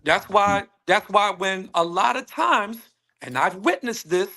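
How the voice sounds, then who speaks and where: A man speaking on a panel call, emphatic and animated, acting out what others say to him. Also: high-pitched, a little slow, vocal fry. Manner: animated, emphatic, acts out quoted women. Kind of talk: casual panel discussion. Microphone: phone on a call.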